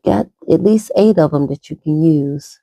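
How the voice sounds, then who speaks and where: A middle-aged woman makeup vlogger rambles chattily through a casual tutorial, talking as she applies her makeup. Her voice is low and dark-toned with vocal fry, at a moderate pace, in a dry recording.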